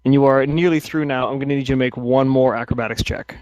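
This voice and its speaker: A man's voice: medium pitch, fairly even intonation, fast, darkish tone, dry recording, dull audio. A man narrating a tabletop game as game master, often restarting and hesitating mid-sentence.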